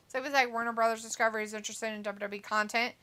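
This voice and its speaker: A woman's voice: a little high, steady tone, quick pace, bright, forceful tone. A woman co-hosting a casual livestream, reading chat messages aloud and laughing often. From United States. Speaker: co-host reading live chat.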